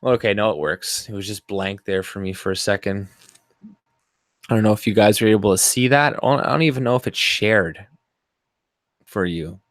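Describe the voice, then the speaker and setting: A man's voice: on the low side, normal speed, long pauses, fairly bright tone, dry recording, clean studio sound. A man hosting a casual livestream, ranting in a profane, mocking and heated way. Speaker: livestream host.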